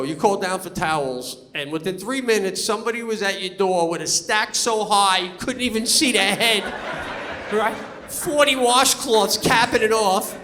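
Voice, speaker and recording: A man's voice: high voice, pushed and bright. A man performing stand-up comedy on a theater stage, telling stories animatedly and acting out the voices of people he meets. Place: theater stage before a live audience. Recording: live hall with long reverb. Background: audience laughter.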